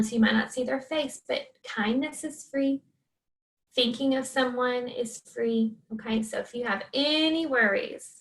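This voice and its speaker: Gentle woman instructor for kids yoga, high pitched, slightly off mic. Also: gravelly, distant mic. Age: adult. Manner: gentle, encouraging, talks to a child.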